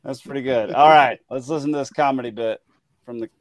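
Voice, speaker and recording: A man's voice: medium pitch, steady tone, a little fast, no echo, studio quality. A man hosting a casual late-night podcast, laughing often and trailing off with ums. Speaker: podcast host. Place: his home, alone with dogs.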